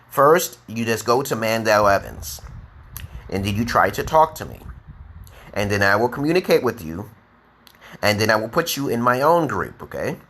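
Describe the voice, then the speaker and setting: A man giving a casual livestream English lesson, speaking slowly and simply and reading chat comments aloud. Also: fairly low pitch, a bit bright. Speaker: English teacher.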